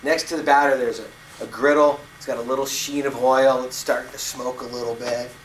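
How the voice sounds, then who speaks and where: A man in his fifties giving a storytelling speech to his club, slow and vivid with deliberate pauses. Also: medium pitch, steady tone, slight background noise. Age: 50s. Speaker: club speaker. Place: meeting room. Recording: echoey room, distant mic.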